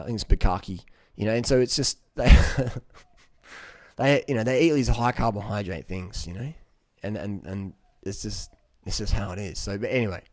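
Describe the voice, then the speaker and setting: Blunt, low-voiced man ranting. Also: a little mellow, dry recording, studio quality. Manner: blunt, profane, joking, full of fillers like "you know". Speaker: vlogger giving diet advice. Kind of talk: casual rambling monologue.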